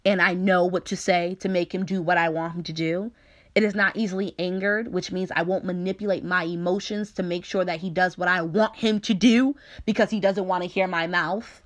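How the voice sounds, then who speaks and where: A woman giving a personal devotional talk, candid and conversational, with playful asides and slow, deliberate scripture reading. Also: on the low side, steady tone. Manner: reads scripture slowly and deliberately. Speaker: speaker sharing a faith testimony.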